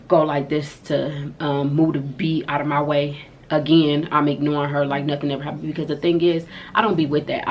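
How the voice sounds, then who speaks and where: A woman's voice: deep voice, slight background noise. A young woman vlogger telling a story to her viewers in a candid, slangy and emphatic way. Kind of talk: storytime vlog.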